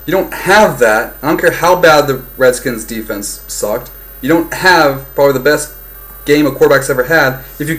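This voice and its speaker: A man's voice: fairly high pitch, rough recording. Fired-up man ranting about football. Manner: heated, profane, swings between loud outbursts and muttering. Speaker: fan vlogger. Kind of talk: casual sports rant.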